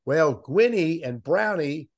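A man who grew up in Miami Beach, a veteran sports interviewer telling animated anecdotes in a casual talk. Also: fairly high pitch, takes it slowly. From Miami Beach, USA. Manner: animated anecdotes with quoted voices. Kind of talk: casual podcast storytelling.

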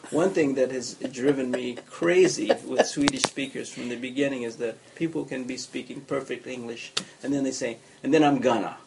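A man who coaches English, talking through an interview in a relaxed, chatty way. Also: mid-range voice, moderate pace, gravelly, hardly any pauses, background noise. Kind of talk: conversational interview.

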